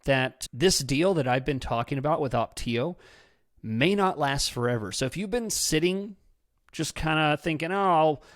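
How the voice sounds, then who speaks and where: A man's voice: fairly high pitch, expressive, moderate pace, fairly bright tone, dry recording, studio quality. A man hosting a podcast from his office, talking in a chatty, enthusiastic and self-deprecating way. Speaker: podcast host. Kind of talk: casual podcast talk with ad read.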